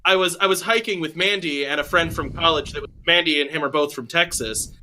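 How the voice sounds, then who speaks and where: A man's voice: on the high side, brisk, slight background noise. A man from Indiana, a podcast guest, telling self-mocking stories in a casual chat. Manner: self-mocking, animated storytelling.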